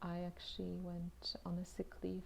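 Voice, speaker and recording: A woman's voice: on the low side, normal speed, vocal fry, a little hiss or hum. Chatty woman with half-whispered asides. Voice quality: lively, often drops into soft half-whispered asides. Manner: chatty, with restarts and frequent exclamations. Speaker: vlogger telling her own story. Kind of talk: casual personal storytelling.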